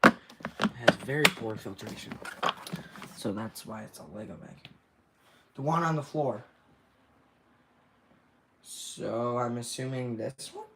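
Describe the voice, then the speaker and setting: A young man talks slowly into a camera in his bedroom, rambling and getting heated as he complains. The recording has a faint hiss and occasional clicks behind his voice. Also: mid-range voice. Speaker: vlogger. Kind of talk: casual home vlog. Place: bedroom at home.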